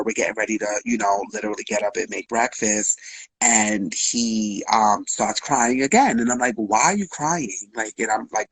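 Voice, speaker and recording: A man's voice: mid-range voice, breathy edge, no echo, rough recording. A man speaking as a guest, openly telling a personal story in a frank, emotional way, with slang and swearing.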